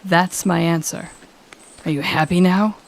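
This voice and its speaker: A cold, sardonic demon lady, a reformed villain with a low voice and a curt, cutting, sarcastic way of talking, as a woman acts her out. She speaks in an audio role-play. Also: fairly even intonation, unhurried, vocal fry, slight background noise. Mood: grudging.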